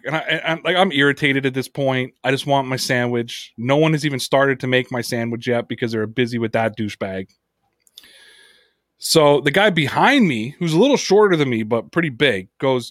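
A man hosting a casual sports podcast. He reads sponsor plugs and tells stories in an animated way, swearing often. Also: mid-range voice, moderate pace, no echo. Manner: animated storyteller, heavy swearing. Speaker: podcast host.

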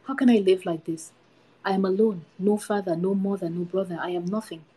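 A woman's voice: medium pitch, steady tone, brisk, mellow, slightly rough, close to an everyday voice. A woman voicing a clever young orphan boy, the youngest brother in a folktale reading.

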